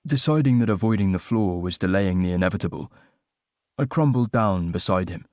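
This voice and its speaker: A man's voice: low voice, expressive, fairly quick, darkish tone, no echo, clean studio sound. A man narrating a first-person romantic comedy audiobook with a wry, self-mocking comic delivery.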